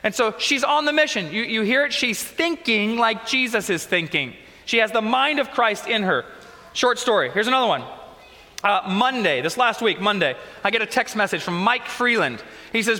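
A man's voice: high-pitched, expressive, moderate pace, bright, forceful tone, long reverb tail. A man preaching a sermon as pastor, telling earnest, emotional stories with repeats and restarts. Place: church sanctuary.

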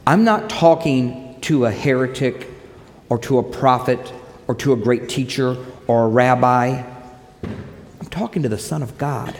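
Preacher man in a reverberant hall. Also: medium pitch. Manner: animated storytelling, quotes scripture. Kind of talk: sermon.

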